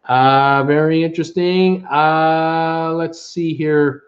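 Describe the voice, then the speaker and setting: Upbeat livestream host, a man with a somewhat high voice, chatty and filler-heavy, recorded on muffled webcam audio. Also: level tone, slow. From Ontario, Canada. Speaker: livestream host reading viewer chat. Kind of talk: casual live chat. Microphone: webcam setup at home.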